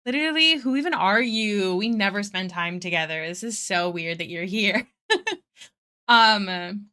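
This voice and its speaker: A young woman with a mid-range, sharp yet clean voice chats casually on an art livestream while drawing at home in her apartment. She talks a little slowly but stays animated, sounding slightly out of breath as she greets viewers by name and laughs often.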